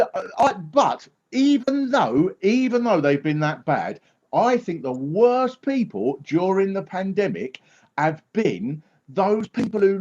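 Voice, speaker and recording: Male stand-up comedian, high animated voice, muffled stream audio. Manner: lively, mimics others' voices. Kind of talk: comic monologue.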